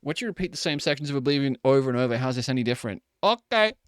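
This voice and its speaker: A man's voice: mid-range voice, no room sound, clean studio sound. A man streaming, chatting and joking casually while reacting to videos. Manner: animated, joking, quick laughs.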